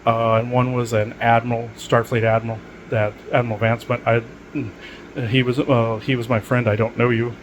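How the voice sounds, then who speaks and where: Rambling man, mid-pitched, full of fillers. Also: little pitch movement, moderate pace, a little hiss or hum, low-quality recording. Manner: digressive, many filler words and restarts. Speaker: podcast host. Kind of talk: rambling casual monologue.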